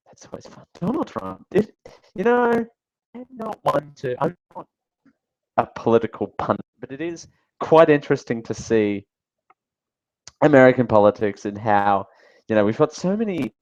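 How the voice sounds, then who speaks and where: A man's voice: mid-range voice, big pitch swings, moderate pace, long pauses, a little mellow, no echo, rough recording. A man hosting a live talk show, giving casual, sarcastic commentary that rambles with fillers and restarts. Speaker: show host.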